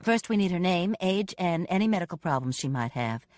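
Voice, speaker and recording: A woman reader voicing a young woman paramedic who asks calm, matter-of-fact questions. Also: lowish voice, a little fast, no echo, natural voice. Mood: businesslike.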